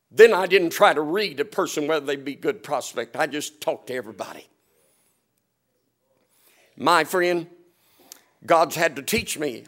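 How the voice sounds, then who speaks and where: A man preaching with a somewhat high-set voice. He tells homespun stories with humor, chuckling as he goes. He rises to loud emphasis, then drops to a near hush. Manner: folksy and humorous, swinging from loud to hushed; often chuckles while telling stories. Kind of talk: storytelling sermon.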